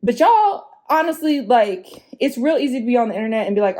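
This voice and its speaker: Chatty woman vlogger, soft mellow voice. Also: fairly quick. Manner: chatty and frank, laughing asides, swearing; lively pitch swings for emphasis. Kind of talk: casual opinionated commentary.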